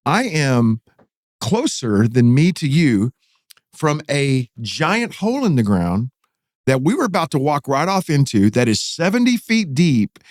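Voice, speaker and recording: A man's voice: medium pitch, unhurried, no echo, clean studio sound. A middle-aged man with a Texan accent, a pastor telling a dramatic story in a casual podcast interview, his voice climbing as the tale builds. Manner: animated, dramatic retelling with rising excitement.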